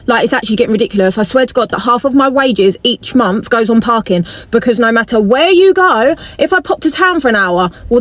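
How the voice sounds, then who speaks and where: A woman vents to her camera, emphatic and fed up. Her voice sits a little high. The sound is dry and close, with no room around it. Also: no room sound. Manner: exasperated, emphatic. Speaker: vlogger. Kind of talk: casual rant to camera.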